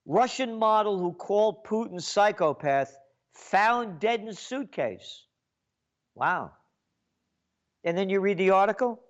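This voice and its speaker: Guy ranting on his show, slow and fired up, voice a bit high, muffled lo-fi sound. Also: lively intonation. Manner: indignant, repetitive. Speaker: commentator. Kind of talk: ranting political commentary.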